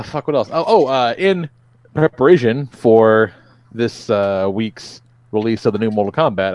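A man hosting a podcast in casual chat, loose and profane, laughing often. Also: lowish voice. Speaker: podcast host.

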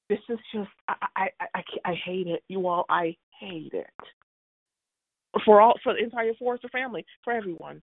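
A woman with a mid-range voice co-hosts a casual chat about a soap opera, with no room sound on the tinny, phone-like recording. She speaks emphatically and with exasperation, often starting her sentences over.

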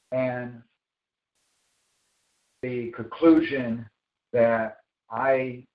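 A man preaching a sermon as pastor, slow and emphatic, repeating phrases for weight. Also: medium pitch. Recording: echoey, dull sound from far off the mic.

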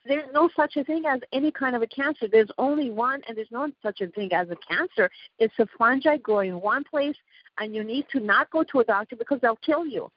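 A woman's voice: a little high, lively intonation, brisk, no echo. A woman from Iran, a guest on a talk radio show, talking in an emphatic, rambling way and often interrupting. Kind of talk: talk radio call-in chat. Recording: dull dry lo-fi radio sound.

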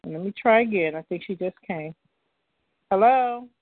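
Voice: medium pitch, brisk, dry recording. A talk show host speaking bluntly and emphatically, taking calls. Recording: phone line.

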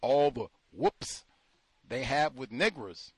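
Sarcastic male host with a lively voice. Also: on the high side, measured pace, no echo. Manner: sarcastic, incredulous, rhetorical questions. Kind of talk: talk show commentary.

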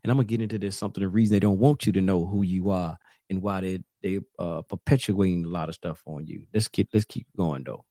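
A man hosts talk radio in a low voice, lecturing his listeners like a street preacher. He calls them brothers and sisters and keeps circling back over his own words. The sound is dry and close. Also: quick pace, dark tone, no echo. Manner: loose, repeats and restarts phrases.

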